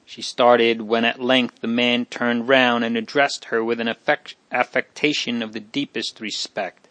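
A man narrating a historical novel in a measured, even reading voice. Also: mid-range voice, dry recording. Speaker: audiobook narrator. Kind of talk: scripted narration.

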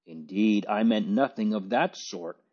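A man's voice: on the low side, unhurried, husky. A man reading an audiobook, voicing a distressed, polite young lad who speaks hastily and stammers. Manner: stammering, hasty. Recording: dull lo-fi recording.

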